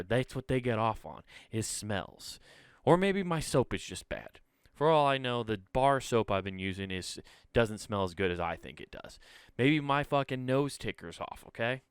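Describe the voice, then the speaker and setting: A man's voice: mid-range voice, clear, resonant tone, no room sound, studio quality. Profane rambling man hosting a podcast. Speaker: comedian podcast host. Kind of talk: casual solo comedy podcast rant.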